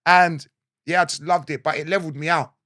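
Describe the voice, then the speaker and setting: A man in his forties with a South London accent, telling animated stories from his life in a casual interview and acting out what others said. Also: a little high, a little fast, dry recording, clean studio sound. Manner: animated storyteller, acts out quotes, laughs often. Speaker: guest.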